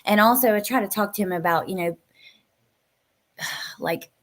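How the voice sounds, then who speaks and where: A woman hosting a live stream, chatting casually and emotionally as she answers viewer comments, sometimes sinking to a soft near-whisper. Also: medium pitch, normal speed. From West Virginia. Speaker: livestream host.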